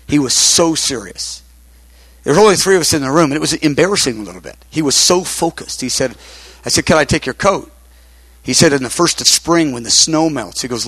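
Storytelling preacher with a dry sound. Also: male voice, mid-range voice, lively intonation, fairly quick, fairly bright tone, breathy edge, no echo. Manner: conversational, repeats himself, many fillers. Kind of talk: sermon storytelling.

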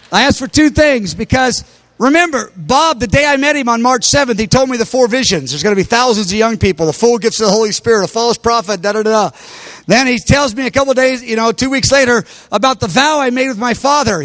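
Man, preacher, high voice, animated storytelling sermon, dry close sound. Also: fairly quick, no echo. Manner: animated, bursts into loud exclamations.

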